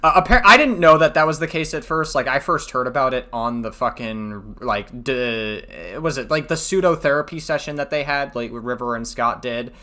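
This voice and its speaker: Bright-voiced, profane male commentator. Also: mid-range voice, normal speed, hardly any pauses. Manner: profane, rambling, laughs at his own jokes. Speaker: drama commentary host. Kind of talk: casual commentary.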